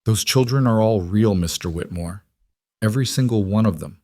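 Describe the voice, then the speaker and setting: Guy putting on a steady stubborn frontier woman, higher voice, dry recording. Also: normal speed, dry recording, lightly acted. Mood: firm. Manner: steady, firm, quietly defiant. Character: determined young frontier woman, fierce protector.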